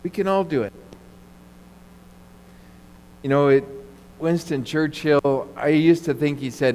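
A man's voice: fairly high pitch, normal speed, a little mellow. A man preaching a sermon as pastor, emphatic, repeating his phrases and asking the congregation questions. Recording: long hall reverb.

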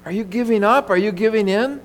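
A man's voice: high voice, a little fast. A man preaching a sermon as pastor, emphatic, repeating his phrases and asking the congregation questions. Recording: long hall reverb.

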